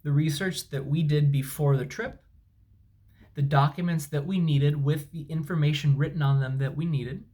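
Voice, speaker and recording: Exasperated and sarcastic, a travel vlogger rants emphatically about a trip in an angry storytime at home. His slightly high voice has a dark tone, fairly even intonation and a normal pace. A dryer and washing machine are running nearby.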